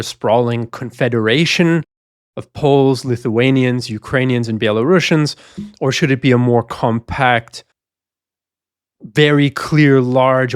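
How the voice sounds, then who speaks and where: A man's voice: medium pitch, dry recording. Man explaining history in a dry studio. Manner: explanatory, lays out context at length. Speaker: podcast co-host. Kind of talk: history podcast discussion.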